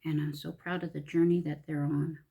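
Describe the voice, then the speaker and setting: A middle-aged woman with a drawl talks in a low, mellow voice. She chats casually and reflectively for her vlog, softly and from the heart, sometimes dropping almost to a whisper. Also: flat delivery, normal speed, creaky. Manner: soft-spoken and heartfelt, often dropping to a near whisper. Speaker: vlogger.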